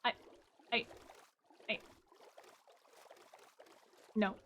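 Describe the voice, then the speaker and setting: A woman streaming a game casually, giggling often, swearing freely and breaking into loud exclamations. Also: drawn-out words, lo-fi sound. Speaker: livestreamer.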